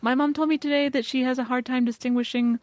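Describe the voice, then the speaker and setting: A woman's voice: high voice, steady tone, quick pace, darkish tone, no echo. A young adult woman co-hosting a podcast, dryly teasing and steering the casual chat. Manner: dry, teasing, steers the talk. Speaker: podcast co-host.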